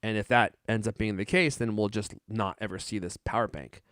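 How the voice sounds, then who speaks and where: A man's voice: fairly low pitch, fairly even intonation, a little fast, fairly bright tone, no room sound, clean studio sound. A man co-hosting a tech podcast in casual chat, joking and rambling, laughing often. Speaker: podcast co-host.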